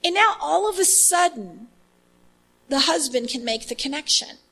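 A woman leading an inner healing ministry, telling an animated story with many fillers in a faith-based teaching talk. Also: sits high, moderate pace, low-quality recording.

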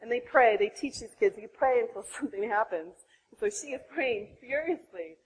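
A woman in her thirties from the United States, telling a faith testimony in a sermon style, emotional and animated, laughing as she tells it. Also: a little high, moderate pace, slight background noise, rough recording. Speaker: speaker giving a testimony.

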